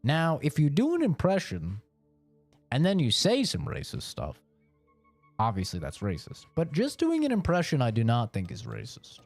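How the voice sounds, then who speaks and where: A man's voice: a little high, huge pitch swings, normal speed, darkish tone, no echo, faint music behind. A male game streamer chatting casually with his viewers. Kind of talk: casual live-stream chat.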